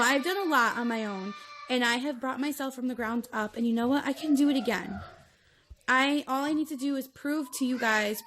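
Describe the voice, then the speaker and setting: Talking straight into her phone with slight background noise, a woman in her thirties shares an open, confessional vlog. Her voice sits a touch high, and she sounds earnest and emotional, rambling and starting her thoughts over.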